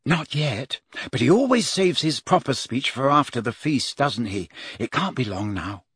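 A man voicing an anxious, bossy teenage schoolgirl in a raised, brisk and earnest voice. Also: medium pitch, expressive, a bit bright, slightly rough, no echo, studio quality.

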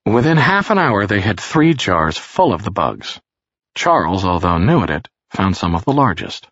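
A man reading an audiobook aloud as narrator, in a measured, steady manner, in a dull lo-fi recording. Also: low-pitched, slightly rough, dry recording.

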